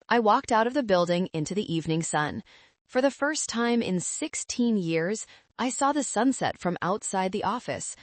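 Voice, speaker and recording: A woman reading a first-person story in a measured, calm narration. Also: medium pitch, dry recording.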